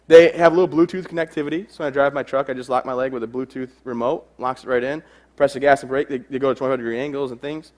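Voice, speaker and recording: A man's voice: medium pitch, steady tone, racing, darkish tone. A young adult man giving a humorous stage talk to a live audience, telling self-deprecating stories. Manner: joking, self-deprecating storyteller. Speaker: keynote speaker.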